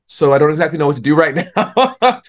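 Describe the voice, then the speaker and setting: A man's voice: fairly high pitch, brisk. A young man, a podcast guest, telling stories in casual conversation and acting out the people he quotes. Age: young adult. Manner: storytelling, animated when quoting others.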